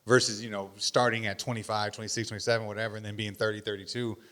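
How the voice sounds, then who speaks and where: A man in a casual interview, talking in a relaxed, rambling way with fillers. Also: fairly low pitch, fast talker. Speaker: interview guest. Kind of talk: casual conversation.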